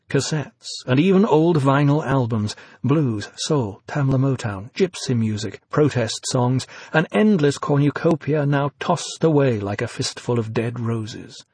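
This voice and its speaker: Brief: husky male narrator, measured descriptive storytelling, dry close sound. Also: mid-range voice, darkish tone, no room sound. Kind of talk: audiobook narration.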